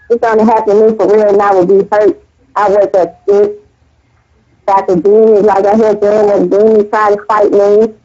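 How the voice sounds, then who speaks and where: Brief: earnest, rambling woman telling her story, mid-pitched, dull low-fidelity recording. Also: mellow. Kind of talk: casual spoken testimony. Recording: dull lo-fi audio.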